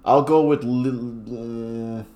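A man's voice: medium pitch, steady tone, very slow, dark tone. A young man chatting casually as a quiz contestant, hesitant and trailing off, laughing often. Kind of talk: casual chat.

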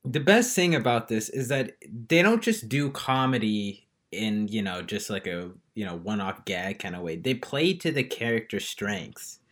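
A man's voice: on the low side, lively intonation, moderate pace, hardly any pauses, fairly bright tone. A man chatting casually as a podcast co-host, rambling with many fillers and restarts as he retells scenes. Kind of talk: casual film review chat.

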